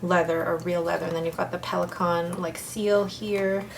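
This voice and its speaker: A young adult woman chatting casually and excitedly as she unboxes a new fountain pen, gushing and restarting her sentences. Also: fairly low pitch, moderate pace, creaky, slight background noise.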